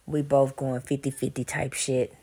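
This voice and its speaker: A woman's voice: a bass voice, little pitch movement, moderate pace, warm tone, breathy edge. Brash, profane woman ranting. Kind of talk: explicit comedic monologue.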